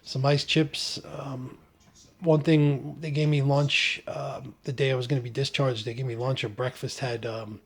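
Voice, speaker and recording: Man, mid-pitched, casual vlog storytelling, joking, lots of fillers and restarts. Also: little pitch movement, measured pace, slightly rough. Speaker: vlogger recounting his surgery. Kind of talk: casual first-person storytelling.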